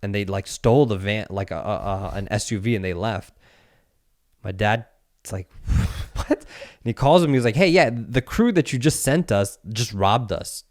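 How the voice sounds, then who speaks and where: Speaking at an ordinary speed with a fairly low pitch, a podcast host in his thirties spins a story in casual chat. He brings it to life by performing the characters' lines, with some swearing mixed in.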